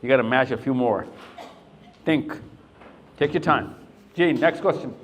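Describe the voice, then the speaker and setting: A man's voice: medium pitch, a little slow, a little hiss or hum. A middle-aged man speaking to young people in a live talk, quizzing them patiently and then telling a long story. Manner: questioning, coaxing and storytelling.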